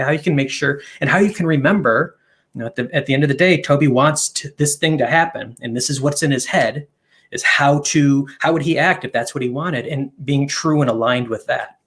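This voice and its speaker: A company co-founder appears as a guest on a live stream, speaking in a medium-pitched, fairly bright voice. He earnestly explains his ideas, listing them in long runs.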